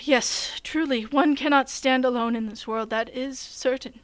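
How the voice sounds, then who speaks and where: A woman's voice: sits high, fairly even intonation, no echo. A woman voicing a regal, ancient male elf prince who speaks in archaic, formal phrases. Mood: solemn. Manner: archaic formal speech, slowed.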